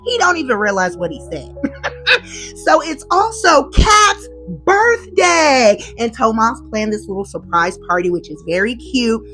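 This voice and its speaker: A woman recapping a daytime soap in a casual, gossipy vlog, full of excited asides. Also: a little high, normal speed, soft background music. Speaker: soap opera recap host.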